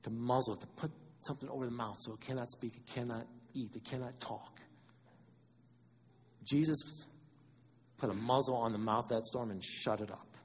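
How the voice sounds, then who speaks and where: A man preaching a sermon as pastor, animated and conversational, acting out quotes as he goes. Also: mid-range voice, moderate pace, pauses often, in a large hall, a little hiss or hum.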